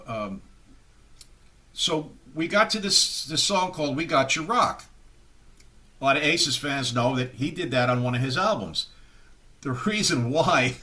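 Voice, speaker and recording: A man in his sixties with a bright, forceful, slightly high voice rambles through old band stories. He acts out the people he quotes, jumping into their voices mid-story. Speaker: guest musician. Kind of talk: anecdotal storytelling interview.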